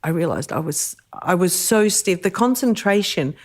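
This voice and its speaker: Guest, Australian woman, middle-aged, deep-set voice, warm storyteller who laughs easily. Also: normal speed. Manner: lively, laughs often while telling stories. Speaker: podcast guest. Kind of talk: storytelling in casual chat.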